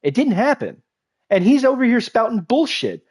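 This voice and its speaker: A man's voice: extremely high pitch, huge pitch swings, normal speed, a little mellow. A young man live-streaming a game and ranting in a heated, profane, rambling way, with many restarts. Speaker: gaming livestreamer. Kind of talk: ranting live-stream commentary while gaming. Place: at home at a game console.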